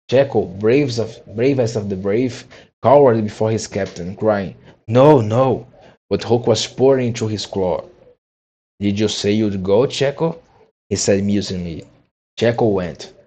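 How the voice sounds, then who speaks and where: Low, dark-voiced male story reader. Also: breathy edge, low-quality recording. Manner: frequent restarts and re-read phrases. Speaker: audiobook reader. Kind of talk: amateur storybook reading.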